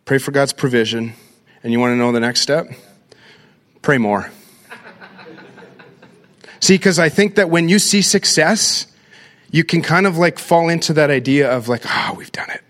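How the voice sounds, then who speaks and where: A middle-aged man, a pastor giving an energetic, story-driven talk to a church crowd and calling them "guys". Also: on the high side, a little slow, long pauses.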